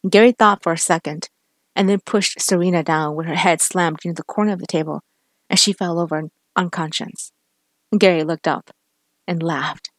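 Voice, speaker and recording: Woman reading a crime story, low voice, close dry recording. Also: moderate pace, no echo. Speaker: story narrator.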